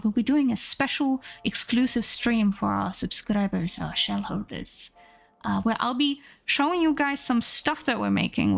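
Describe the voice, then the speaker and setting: A woman's voice: on the high side, vocal fry. A woman streamer chatting casually and rambling with plenty of fillers while she draws on a live art stream. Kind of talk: casual chat while drawing.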